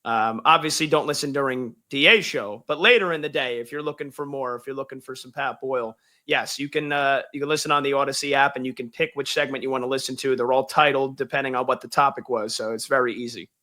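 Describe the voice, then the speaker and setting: A man's voice: medium pitch, fairly even intonation, fast talker, hardly any pauses, sharp tone. A male radio host reading a pun-filled sports recap and then chatting casually as a guest. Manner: punchy, pun-laden delivery.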